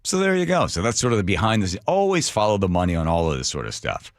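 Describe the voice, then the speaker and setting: A man's voice: lowish voice, huge pitch swings, quick pace, dry recording. A man hosting a talk radio show, delivering sarcastic commentary full of mocking rhetorical questions into a studio microphone.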